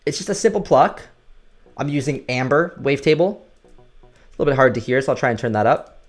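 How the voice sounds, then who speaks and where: A man's voice: mid-range voice, expressive, fairly quick. A man giving a casual, explanatory music production tutorial at his computer, often checking in with "right?". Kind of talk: screen-recorded production tutorial.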